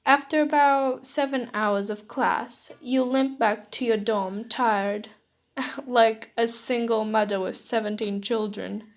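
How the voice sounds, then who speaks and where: A woman reads a listener-insert fan story aloud, soft and emotional in her telling. Her voice sits fairly high and she takes her time, moving at a slow, unhurried pace. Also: steady tone. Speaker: fanfiction reader. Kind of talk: second-person fan story narration.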